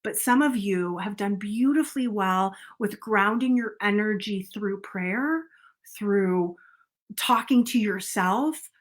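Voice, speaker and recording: A middle-aged woman speaking to camera as a coach, calm and earnest, often checking in with "okay?". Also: medium pitch, slow.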